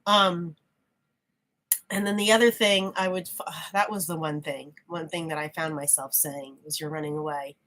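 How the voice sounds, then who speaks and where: Halting, low-voiced woman vlogger. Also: steady tone, a bit bright. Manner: frank, reflective, halting with many restarts. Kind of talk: casual spoken monologue.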